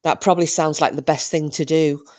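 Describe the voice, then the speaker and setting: Reading viewer comments on her livestream, a British woman chats casually in a low, darkish voice with a steady tone, speaking fairly quickly. The story she tells rambles and is full of restarts.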